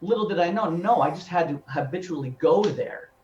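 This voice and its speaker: A man in his fifties, a professional singer and voice teacher, telling his story in an animated, chatty way and repeating words as he thinks. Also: sits high, brisk, a little hiss or hum. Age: 50s. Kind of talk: casual interview storytelling. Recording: echoey room, dull lo-fi sound.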